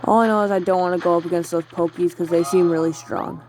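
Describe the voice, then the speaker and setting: A woman's voice: fairly low pitch, fairly even intonation, quick pace, a little mellow, slight background noise, rough recording. A woman playing a video game and thinking aloud, talking to herself with lots of fillers as she goes. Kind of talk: casual let's-play commentary.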